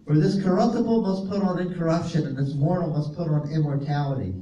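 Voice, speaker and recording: Male pastor, mellow higher voice, distant mic in a very echoey hall. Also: moderate pace, hardly any pauses. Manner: reads scripture aloud and explains Greek words to a congregation. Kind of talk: sermon with scripture reading. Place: fellowship hall. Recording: roomy echo, voice from off-mic, faint noise.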